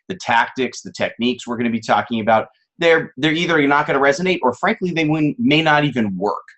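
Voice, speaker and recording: An eager man co-hosts a webinar in a mid-range voice. He talks enthusiastically, restarting phrases and filling pauses as he goes. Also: medium pitch. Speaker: co-host of a webinar masterclass. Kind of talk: enthusiastic presenting.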